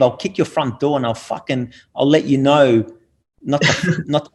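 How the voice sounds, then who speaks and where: A man's voice: mid-range voice, normal speed, darkish tone. A middle-aged man holds forth in a casual podcast conversation. He talks bluntly and preachily and swears freely. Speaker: podcast guest.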